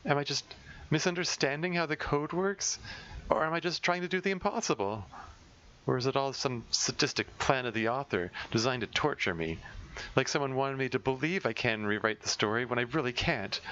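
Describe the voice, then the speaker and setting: A man's voice: mid-range voice, fairly bright tone, muffled recording, pitched above the performer's own voice, lightly acted. A man voicing a desperate, sardonic teenage girl who leads a club, talking in a bitter, rambling, self-mocking way.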